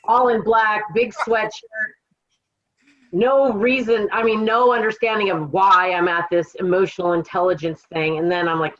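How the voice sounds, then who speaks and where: A woman from Washington State's Kittitas Valley tells her life story as a podcast guest, reflective and unhurried with some fillers. The sound is slightly dull and lo-fi, like a remote call line. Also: mid-range voice, fairly even intonation, a bit bright. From Kittitas Valley, Washington, USA. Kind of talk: casual interview storytelling.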